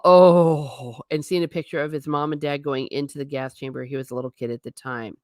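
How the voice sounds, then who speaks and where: Woman streamer, low voice, dry close sound, chatty, rambling, reads comments aloud, from the US. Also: lively intonation, fairly quick, no room sound. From United States. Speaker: livestream host reading chat. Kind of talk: casual livestream chat.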